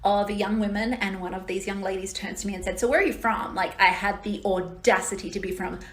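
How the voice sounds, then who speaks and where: A woman's voice: medium pitch, level tone, brisk, a bit bright, echoey room. A woman from Australia in her thirties telling an exasperated, sarcastic story in a social media clip.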